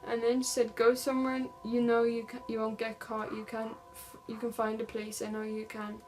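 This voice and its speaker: Young woman vlogging a crime story, monotone, reading texts out, faint music behind. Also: on the high side, normal speed, rough recording. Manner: reads text messages aloud in a flat storytelling way, with many "like" fillers. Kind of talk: casual true-crime retelling.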